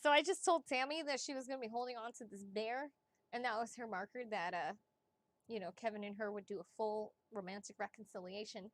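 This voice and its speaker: Chatty excitable woman, higher voice. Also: brisk, dry recording. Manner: chatty and excitable, laughs often; blunt, swears casually. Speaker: psychic reader. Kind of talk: casual livestream chat.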